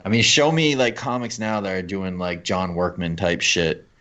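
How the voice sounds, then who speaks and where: A man's voice: low-pitched, moderate pace, sharp tone. A man co-hosting a comic book podcast, rambling casually and swearing. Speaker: podcast co-host. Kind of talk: casual chat. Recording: dull lo-fi audio.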